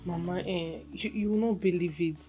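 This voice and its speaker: An actress with a Nigerian accent playing a remorseful young village wife, subdued and apologetic. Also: female voice, on the low side, moderate pace, dark tone, faint music behind, lightly acted.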